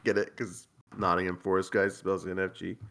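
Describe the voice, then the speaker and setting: A man with a somewhat low speaking voice hosts a casual podcast. He reads through a list at an easy pace, with wry, deadpan remarks and the odd chuckle. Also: normal speed, creaky. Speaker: podcast host. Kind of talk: casual podcast chat, reading out a listener's list.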